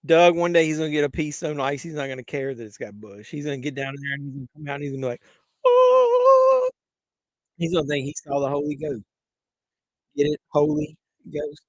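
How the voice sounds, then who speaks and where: Male stream host, raunchy banter, laughs at his own gags, a bit high-pitched, dry room. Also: fairly even intonation, quick pace, no echo. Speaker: livestream host. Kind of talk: crude joking chat with live viewers.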